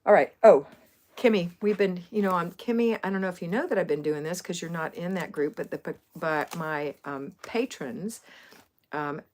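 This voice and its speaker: A woman's voice: fairly low pitch, normal speed, darkish tone. A middle-aged woman from Florida hosting a homemaking livestream, chatting casually and rambling as she answers viewers' comments. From Florida, USA.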